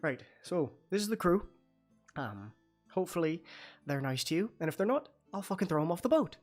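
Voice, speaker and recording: A man's voice: fairly high pitch, sing-song, fairly quick, a little mellow, faint music behind, pitched above the performer's own voice. A man voicing a blunt, swearing ship captain. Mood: gruff. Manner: brusque, swears casually.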